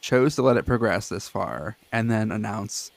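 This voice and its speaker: A man's voice: on the low side, expressive, normal speed, creaky. A man co-hosting a podcast in casual chat, laid-back and full of "like" fillers, laughing easily. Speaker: podcast co-host.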